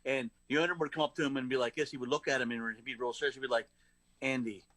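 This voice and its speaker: A man talking quickly and loosely, with a lot of filler words as he rambles through a story. His voice sits at a middle pitch, and the tone is relaxed, casual podcast chat. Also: no room sound. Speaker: podcast co-host.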